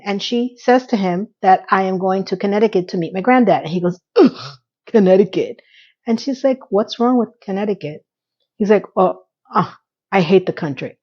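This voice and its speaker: Woman in her own voice, casual TV recapper: chatty, blunt, acts out the quotes, middle pitch, slightly dull lo-fi sound. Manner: chatty, retells scenes by acting out quotes; blunt, opinionated asides. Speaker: TV episode recapper.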